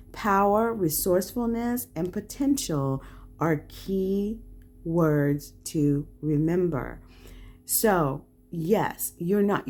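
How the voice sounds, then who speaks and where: A woman giving a calm, reflective pick-a-card tarot reading, often checking in with the listener with a soft "right?". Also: on the low side. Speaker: tarot reader hosting a channel.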